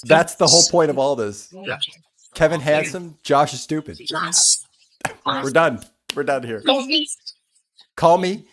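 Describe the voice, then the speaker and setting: A man hosting a live stream, chatting playfully, laughing often and softly repeating short phrases. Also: fairly high pitch, takes it slowly, long pauses. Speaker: livestream host running spirit sessions. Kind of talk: live casual commentary.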